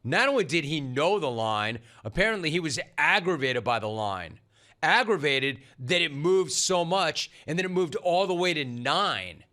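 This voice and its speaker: A man's voice: on the high side, sing-song, normal speed, bright, forceful tone. A middle-aged man hosting a sports talk show, riffing in a sarcastic, punchy monologue. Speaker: sports radio host.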